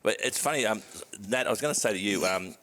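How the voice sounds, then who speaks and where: A man's voice: fairly low pitch, quick pace, sharp tone. A middle-aged Australian man hosting a casual podcast, asking chatty questions and laughing easily. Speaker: podcast host. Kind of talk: casual chat.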